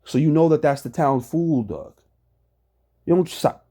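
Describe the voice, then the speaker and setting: A man's voice: on the high side, animated, unhurried, mellow. A man giving heated, profane reaction commentary on a debate clip, ranting and laughing often.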